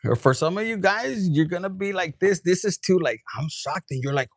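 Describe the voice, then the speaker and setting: A man giving a casual, animated tarot reading straight to camera, swearing freely and dropping into quoted voices and bits of Spanish. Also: sits high, a little fast, gravelly, hardly any pauses, husky, no room sound, clean studio sound. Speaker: tarot reader.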